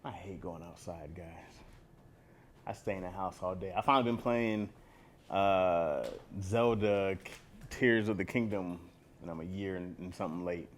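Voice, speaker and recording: A man's voice: low voice, moderate pace, a little hiss or hum. A man co-hosting a comedy podcast, chatting casually and telling jokey stories where he acts out other people's voices. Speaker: podcast co-host.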